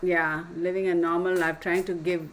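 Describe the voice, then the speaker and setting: Her voice sits lowish and her delivery is flat at a moderate pace as she hosts a tarot channel, chatting opinionatedly with viewers she keeps calling y'all. She's from Texas, recording at home by an open window, with background noise including a neighbor's barking dog.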